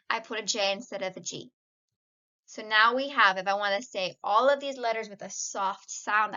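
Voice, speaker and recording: A woman's voice: mid-range voice, pushed and bright, lo-fi sound. A woman teaching a casual video lesson, patiently explaining and mixing Spanish words into her English.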